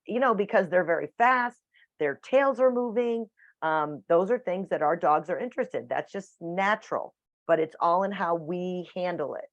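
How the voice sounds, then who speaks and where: A woman's voice: on the low side, expressive, normal speed, no echo. A woman teaching a dog training class over a video call, chatty and matter-of-fact. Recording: dull dry video call audio.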